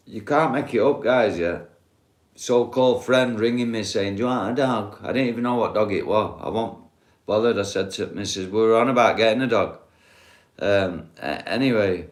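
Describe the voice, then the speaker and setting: A middle-aged man, talking bluntly and swearing as he rambles through a casual live stream chat. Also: on the low side. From England. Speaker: livestreamer.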